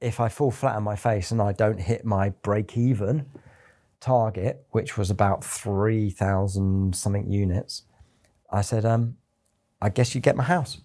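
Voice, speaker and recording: A man's voice: fairly low pitch, fairly even intonation, measured pace, dark tone. A middle-aged man, a company founder, telling anecdotes in an interview with a chatty storytelling manner. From England. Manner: chatty anecdotal storyteller, acts out quoted voices.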